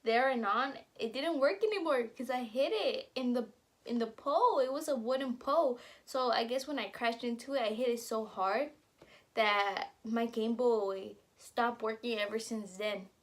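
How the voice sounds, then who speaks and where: A woman's voice: fairly high pitch, normal speed. A young woman casually telling stories to camera while eating, chatty and laughing along as she talks. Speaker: vlogger.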